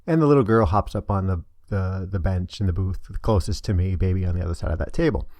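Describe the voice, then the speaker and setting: Low-voiced man telling a story, hesitant. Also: quick pace, warm tone, no room sound. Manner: rambling, hesitant, many fillers. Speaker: vlogger. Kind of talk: casual storytelling.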